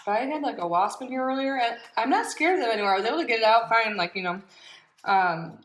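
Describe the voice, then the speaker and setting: A woman's voice: fairly high pitch, fast, poor audio. A woman doing a casual unboxing vlog, bubbly and gushing, with frequent giggles, in a small room at home. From Florida. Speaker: unboxing vlogger.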